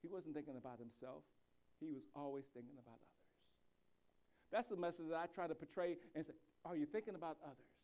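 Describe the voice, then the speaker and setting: A male pastor with a fairly high voice preaching a sermon. He drops to soft, reflective stretches, then builds to loud, slow, emphatic declarations, often stumbling and repeating words as he goes. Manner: frequent restarts and repeated words.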